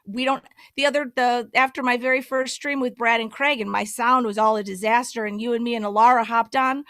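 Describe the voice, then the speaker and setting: A woman's voice: fairly high pitch, steady tone, a little fast, fairly bright tone, dry recording. A woman chatting casually on a video call, rambling and laughing often. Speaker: streamer, co-host.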